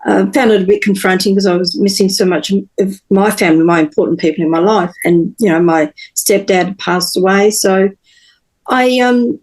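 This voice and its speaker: A woman, a podcast guest telling her personal story in an earnest, halting way with many pauses and restarts. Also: mid-range voice, darkish tone, poor audio.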